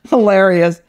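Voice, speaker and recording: A woman's voice: medium pitch, no room sound, studio quality. Older woman, film director, blunt, salty, casual storytelling. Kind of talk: casual interview chat.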